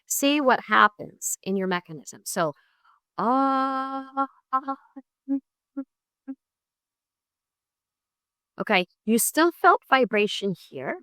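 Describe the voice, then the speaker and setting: A patient middle-aged woman, a music therapy professor, teaches an online lecture with vocal exercises over a video call, picked up by her computer mic. Her mid-range voice has a fairly bright tone, and the sound is clean and studio-like with no room echo. She explains clearly and patiently, checking in with "right?" and "okay?"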